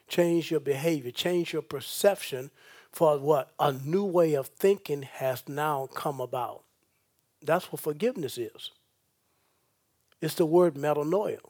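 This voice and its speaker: A man's voice: a little high, darkish tone. A man preaching a sermon as pastor in a church, often checking in with "okay?" and "amen?" in a call-and-response style.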